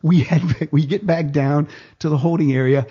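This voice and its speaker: A middle-aged man with a husky, slightly high voice tells a story on a podcast. He keeps it chatty and animated and jumps into other people's lines. The audio is dull and lo-fi. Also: moderate pace. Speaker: podcast guest telling a story. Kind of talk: casual storytelling chat.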